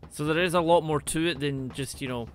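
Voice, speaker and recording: A man's voice: a little high, a little fast. A young man casually commenting on his own gameplay, thinking aloud and exclaiming when things go wrong. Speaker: gaming video host.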